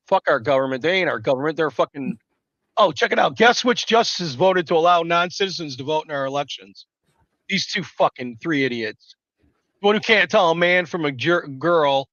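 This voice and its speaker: A man rambles through a live stream, loud and foul-mouthed. His voice is forceful and a bit high, and the sound is dull and dry, like a lo-fi mic. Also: no room sound. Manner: loud, rambling, swears constantly. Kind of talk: profane casual storytelling chat.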